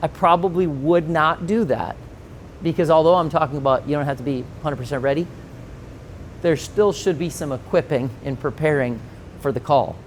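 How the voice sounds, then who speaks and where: A man in his forties, a pastor teaching a conference session, telling stories with lively acted-out quotes and frequent laughter. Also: a little high, normal speed, slight background noise. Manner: animated storytelling, acts out quoted voices, laughs often.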